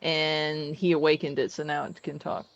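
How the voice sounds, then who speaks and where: Lower-voiced woman player, halting. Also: flat delivery, no echo, lo-fi sound. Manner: halting, restarting. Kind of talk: casual tabletop game play.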